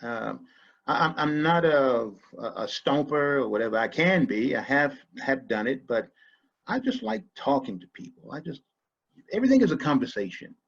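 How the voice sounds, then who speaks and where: A man's voice: medium pitch, big pitch swings, moderate pace, creaky, fairly bright tone, highs cut off. A man guest on a podcast talking casually and reflectively, often repeating words as he gathers his thoughts. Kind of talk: casual conversation.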